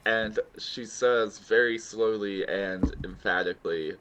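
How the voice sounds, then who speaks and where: A man's voice: on the low side, noisy background. A man co-hosting a podcast in casual chat, chiming in with short agreements and adding plot details. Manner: slow, interjecting short agreements. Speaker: podcast co-host. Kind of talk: casual chat recapping an episode.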